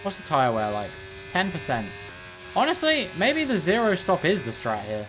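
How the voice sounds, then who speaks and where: A man's voice: high voice, huge pitch swings, moderate pace, noisy background. Joking, rambling male streamer. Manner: joking, rambling, sarcastic asides. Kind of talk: casual live commentary while gaming.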